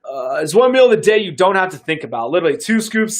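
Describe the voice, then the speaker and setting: The young adult fitness coach from the United States speaks fast and sing-song, with hardly any pauses. Casual and upbeat on his live stream, he stumbles through fillers and restarts while selling a product.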